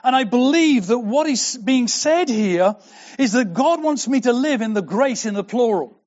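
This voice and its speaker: A man preaching a sermon, emphatic and slow, repeating key words for weight. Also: very high-pitched, lively intonation, darkish tone. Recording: dull lo-fi recording.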